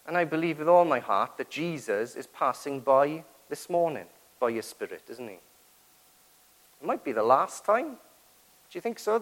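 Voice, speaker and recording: A male preacher delivers a sermon in a voice of ordinary pitch. He asks his listeners rhetorical questions and voices the prayers he quotes with feeling. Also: fairly bright tone, poor audio.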